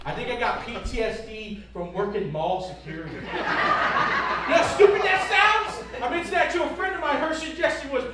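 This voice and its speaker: A male stand-up comic with a strikingly high voice delivers quick, incredulous punchlines. The room is very echoey and he sounds distant from the mic. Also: animated, sharp tone, a faint crowd. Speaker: stand-up comedian. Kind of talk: stand-up comedy.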